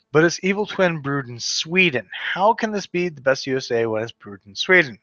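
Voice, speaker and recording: A man's voice: fairly high pitch, bright, forceful tone, no room sound, muffled recording. A man from Western Canada hosting a casual solo podcast, reading out a list and stumbling over names with offhand asides. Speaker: podcast host.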